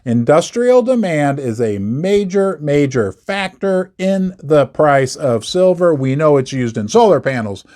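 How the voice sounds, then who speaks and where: A man with a somewhat high, very lively voice who talks slowly and deliberately. He hammers his points by repeating words and slips in sarcastic asides, in the manner of a market commentary host. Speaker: investment video host. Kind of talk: scripted commentary to camera.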